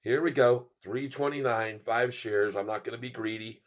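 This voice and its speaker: A man's voice: mid-range voice, normal speed. A man hosting a casual livestream, rambling and joking as he calls out his stock trades. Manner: rambling, joking, laughs often. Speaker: livestream host trading stocks. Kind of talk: casual live commentary. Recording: dull lo-fi sound.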